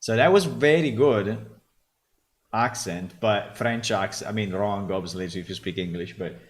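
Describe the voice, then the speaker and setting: A man's voice: on the low side, moderate pace. A man hosting a developer stream, judging voice samples casually and thinking aloud with many restarts. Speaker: game developer, host. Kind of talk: casual commentary.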